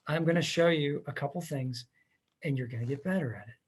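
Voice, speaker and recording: Higher-voiced podcast host man telling stories. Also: a little fast, breathy edge. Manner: storytelling, animated with laughs. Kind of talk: casual conversation.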